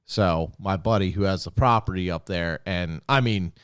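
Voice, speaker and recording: A man hosting a podcast in casual chat, excitable and heavy on profanity. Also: low-pitched, normal speed, clean tone, dry recording, clean studio sound. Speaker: podcast host.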